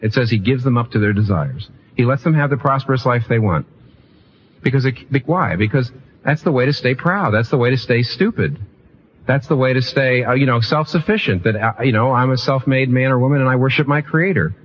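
A man preaching a sermon with a lively pitch that swings widely, often repeating phrases and restarting mid-sentence. The recording is dull and lo-fi, with faint room ambience behind him. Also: fairly quick, a little hiss or hum. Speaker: pastor.

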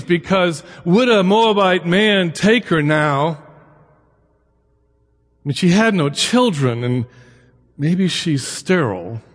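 Chatty middle-aged man lecturing in a hall. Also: high-pitched. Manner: chatty, many asides and rhetorical questions. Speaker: lecturer on the Bible and immigration. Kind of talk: conversational lecture with anecdotes.

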